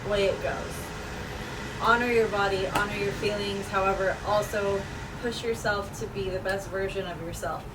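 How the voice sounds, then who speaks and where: A woman talking casually to the camera in a vlog, relaxed and chatty, trying to enunciate clearly. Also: medium pitch, moderate pace, recorded from a distance, noisy background. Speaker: vlogger.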